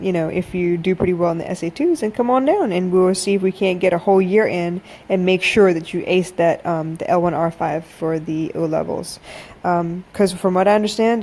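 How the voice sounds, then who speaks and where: A woman's voice: lowish voice, mellow. A woman in her thirties hosting a late-night podcast, chatting frankly with listeners and calling them y'all. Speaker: podcast host. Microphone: phone-recorded live audio.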